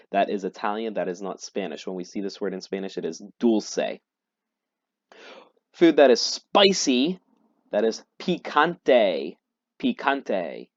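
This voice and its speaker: A lower-pitched man leads a vocabulary lesson, saying each word and then repeating it slowly. The recording is dull and lo-fi, and the room sounds dry and close. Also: dry recording. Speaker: Spanish teacher.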